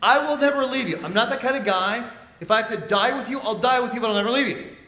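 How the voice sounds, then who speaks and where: A man's voice: very high-pitched, fast, reverberant. A man acting out a panicked, defensive fisherman. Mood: insistent. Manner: loud, heated protesting. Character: frightened, defensive fisherman under pressure.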